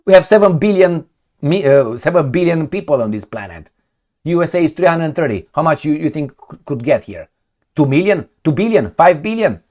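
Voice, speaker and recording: A man's voice: on the high side, lively intonation, normal speed, a little mellow. A man hosting heated political commentary, sarcastic and indignant, firing off rhetorical questions.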